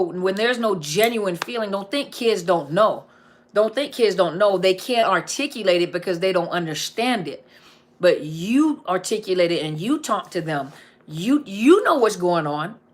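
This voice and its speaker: Emphatic woman counselor chatting live. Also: mid-range voice. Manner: reads viewer comments aloud and answers them directly; repeats key phrases for emphasis. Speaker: counselor and coach answering live chat. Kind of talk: casual live-stream chat.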